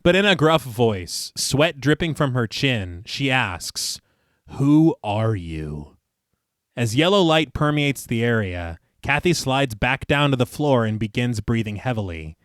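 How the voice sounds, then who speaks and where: A man's voice: medium pitch, big pitch swings, normal speed, few pauses, fairly bright tone, no room sound, clean studio sound. A man co-hosting a horror podcast, reading the plot recap aloud and breaking off to laugh and joke. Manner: laughs often, reads the synopsis then jokes. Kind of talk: casual horror film discussion with scripted recap.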